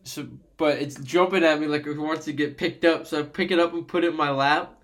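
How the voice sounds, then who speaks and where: A man's voice: fairly high pitch, steady tone, brisk, fairly bright tone. A young man in casual podcast chat, telling rambling, sweary stories and laughing often, recorded on a computer microphone. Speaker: podcast co-host.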